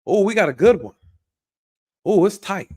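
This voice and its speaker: A man's voice: high-pitched, lively intonation, normal speed, a little mellow, breathy edge, voice pushed up. A man mocking a gloating woman cop. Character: gloating woman officer, mocked, excited and crude.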